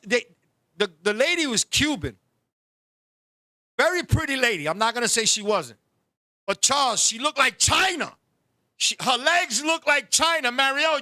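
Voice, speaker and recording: Male live-stream host with a very high, piercing voice. Animated, swears freely, laughs a lot. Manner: animated, profane storytelling with frequent laughs. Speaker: talk show host. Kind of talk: casual live-stream chat.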